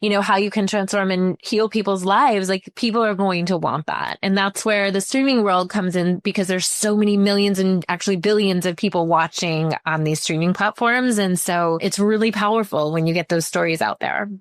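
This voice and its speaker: A woman's voice: mid-range voice, fairly even intonation, moderate pace, few pauses, dry recording, studio quality. A woman in her thirties, a company founder guesting on a podcast, talking in an upbeat, eager and persuasive way. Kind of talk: casual interview chat.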